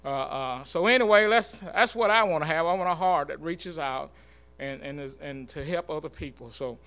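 Earnest male church speaker, high bright voice, halting informal sermon. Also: smooth. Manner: earnest, halting, many fillers and restarts.

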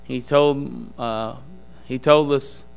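A man giving an earnest testimony in a church service, speaking in a halting, emphatic preaching style. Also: medium pitch, fairly even intonation, gravelly, smooth.

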